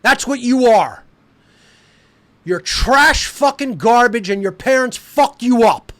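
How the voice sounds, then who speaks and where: A male podcast host delivering an angry, profane monologue, hurling repeated insults and shouting at times. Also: very high-pitched, animated, slow.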